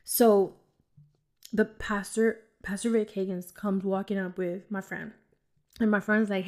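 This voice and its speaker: A woman's voice: mid-range voice, little pitch movement, unhurried, a little mellow. Emotional woman sharing her faith story. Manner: emotional, rambling, talks straight to listeners. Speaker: podcast host. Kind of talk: personal faith testimony podcast. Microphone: audio-only home recording.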